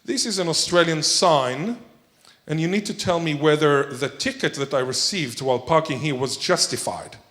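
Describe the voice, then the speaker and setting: A man's voice: on the high side, normal speed, fairly bright tone. A man giving a conference keynote, playful and jokey, quizzing the audience as he goes. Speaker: keynote speaker.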